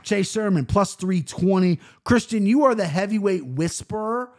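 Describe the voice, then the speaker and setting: A man hosts a casual podcast and runs through his picks. He talks in a loose, joking way and swears freely. His voice sits a little higher than most men's. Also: lively intonation, moderate pace, darkish tone. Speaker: podcast host. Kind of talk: casual podcast chat about fight picks.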